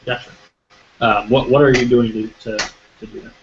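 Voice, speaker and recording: A man running a tabletop game as game master, describing scenes with many pauses and restarts. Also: mid-range voice, fairly even intonation, muffled recording, background noise. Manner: hesitant, many ums and restarts.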